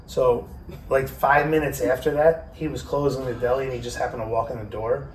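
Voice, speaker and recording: A man's voice: medium pitch, a little fast. Profane New man telling a story. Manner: profane, animated storyteller who acts out quotes. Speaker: podcast host. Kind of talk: casual storytelling. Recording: roomy, distant mic with faint noise.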